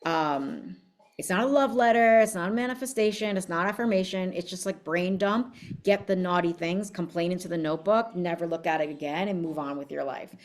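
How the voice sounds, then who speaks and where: A woman's voice: fairly low pitch, brisk. A woman giving a casual motivational talk as a business coach, telling her story in a blunt, fiery, profane way. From United States.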